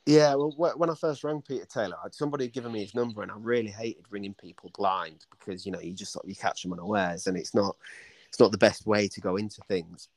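A man's voice: lowish voice, fast. A man, a book author, telling long anecdotes in a casual podcast interview, with many restarts and acted-out quotes. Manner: rambling storyteller with many restarts, acting out quoted voices.

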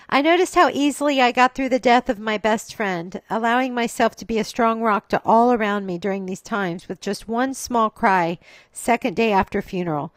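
A woman's voice: fairly high pitch, no room sound, poor audio. A woman hosting a podcast, telling a reflective, confessional personal story. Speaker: podcast host.

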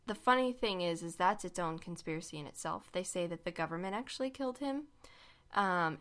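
A woman's voice: lowish voice, a bit bright. A young woman hosting a casual podcast chat, explaining a conspiracy story with lots of fillers and laughs. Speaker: podcast co-host.

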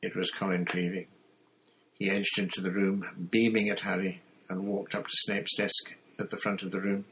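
A man reading a novel aloud in a steady narrating manner, with occasional slips and restarts. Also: low-pitched, moderate pace, gravelly, husky, rough recording. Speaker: audiobook reader. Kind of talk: storybook narration.

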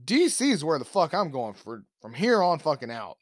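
A young man from Alabama, hosting a podcast and telling a profanity-laced story in a loose, animated way. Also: a little high, moderate pace, no echo, studio quality. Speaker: podcast host. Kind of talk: casual storytelling.

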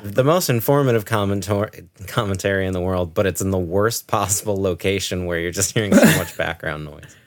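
A man's voice: low-pitched, fairly quick. A man co-hosting a podcast in casual chat, sharing film trivia in long winding stretches. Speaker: podcast co-host.

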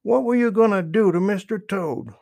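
A man's voice: fairly high pitch, animated, normal speed, creaky, darkish tone, voice pushed up. A man voicing a kind-hearted little male skunk in a storybook reading, grumbling and eager. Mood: demanding.

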